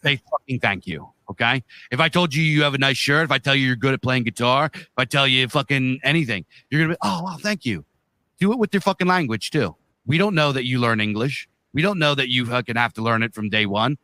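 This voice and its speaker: A man, co-hosting a podcast, ranting in a heated, profane way that swings between loud and quiet. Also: medium pitch, quick pace, hardly any pauses, dry recording. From United States. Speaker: podcast co-host. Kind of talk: casual podcast rant.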